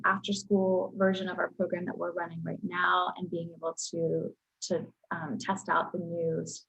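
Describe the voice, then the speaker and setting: Give me a woman with a low, gravelly voice explaining her program earnestly on a panel. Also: rough recording. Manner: earnest, thoughtful with frequent ums. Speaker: program leader. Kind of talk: casual webinar panel talk.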